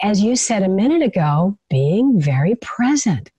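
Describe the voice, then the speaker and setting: A woman guest in an interview, explaining calmly and warmly agreeing with her host. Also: medium pitch, measured pace, few pauses, husky, no echo. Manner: calm, explanatory, with many affirming interjections. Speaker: guest expert on leadership and the nervous system. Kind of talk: conversational interview over video call.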